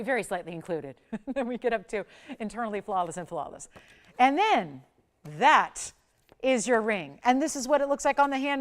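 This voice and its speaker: A woman in her forties hosts a live shopping-channel jewelry auction in quick, emphatic sales patter. Her voice sits a little high and comes through smooth and clear. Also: a bit bright.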